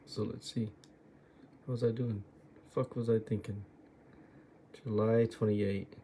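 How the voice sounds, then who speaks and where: A man's voice: fairly low pitch, level tone, a little slow, mellow, a little hiss or hum. A man going over his own trades and muttering to himself, exasperated and swearing at his own choices. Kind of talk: muttering self-critical screen review.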